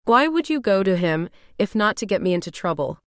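A woman's voice: medium pitch, sing-song, brisk, dry recording, clean studio sound. A woman voicing a resentful young man who snarls and makes accusations in an audiobook.

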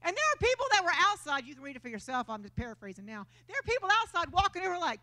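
In a church, a woman preacher with a Texas accent preaches a spirited, conversational sermon and dramatizes the quotes she uses. She talks very fast in a high voice, barely pausing.

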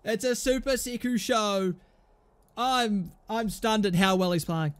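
A young man, commentating on his own football management game in an excitable, sweary way. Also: sits high, measured pace, smooth. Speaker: gaming YouTuber.

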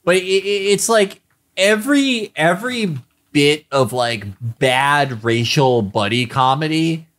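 Sardonic podcast man, lively pitch. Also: takes it slowly. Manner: sardonic, jokey asides. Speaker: podcast co-host. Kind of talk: casual comedic review chat.

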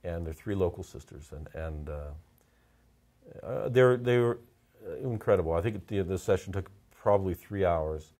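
A man with a very low voice tells a heartfelt story in a casual interview. He halts and repeats words often, sometimes getting choked up, and speaks. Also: warm tone. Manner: halting, repeats words, emotional. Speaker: portrait photographer, interview guest.

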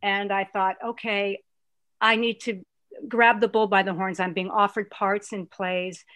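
A woman guest, an actress, chatting and telling stories in an animated way, with a lot of restarts. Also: mid-range voice, unhurried, no room sound. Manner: animated, rambling storyteller with many restarts. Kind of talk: casual interview chat.

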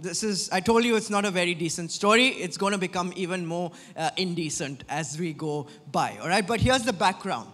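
Brief: male preacher, high-pitched and chatty, telling a story to his congregation in a reverberant church. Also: sharp tone. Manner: conversational, frequent "right?" tags. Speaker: pastor. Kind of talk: sermon.

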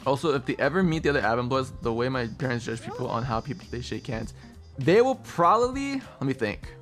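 A man's voice: medium pitch, very animated, fairly quick, a bit bright, soft background music. A man streaming a game and chatting casually, telling stories animatedly, laughing often and calling people bro. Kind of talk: casual gaming stream chat.

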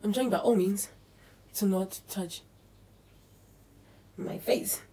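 A woman's voice: mid-range voice, slow, dark tone. A young woman from South Africa, chatting casually and nervously to camera in a home vlog, thinking aloud as she goes. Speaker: beauty vlogger. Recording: echoey room.

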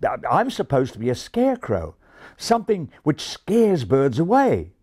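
A man's voice: a little high, wildly swooping pitch, measured pace, darkish tone, slightly rough, pitched above the performer's own voice, heavily acted. A man voicing a humble, timid male scarecrow who stammers and apologizes, in a storybook reading.

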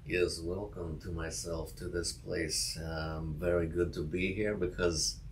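A male podcast co-host putting on a joking Russian accent, talking slowly and deadpan. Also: low voice, slight background noise. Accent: mock Russian. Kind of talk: comedic banter.

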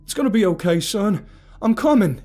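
A man shouting as a frantic, desperate father. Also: high voice, expressive, normal speed, voice pushed up. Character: desperate, starving father searching for his son. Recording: faint eerie music behind.

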